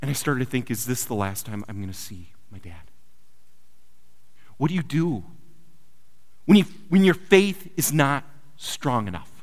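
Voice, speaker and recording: A man preaching a sermon built around a personal story, swinging from loud urgent lines to quiet hushed ones. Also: mid-range voice, expressive, measured pace, pauses often. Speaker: pastor. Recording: long hall reverb.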